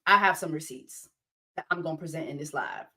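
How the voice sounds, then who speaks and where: A woman hosting a casual livestream of reality-TV commentary, ranting in an animated, profane and incredulous way. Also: low-pitched, fairly quick. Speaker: host.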